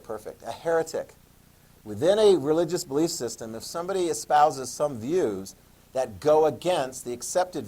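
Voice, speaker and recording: A man giving a classroom history lecture, animated and playful, acting out quotes in a classroom. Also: on the high side. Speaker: history teacher.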